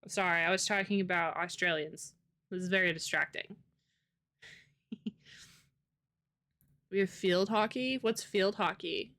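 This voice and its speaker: A woman's voice: lowish voice, a little slow, pauses often, fairly bright tone. An American woman livestreamer chatting casually with viewers, rambling and laughing often. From United States. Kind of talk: casual chat with live viewers.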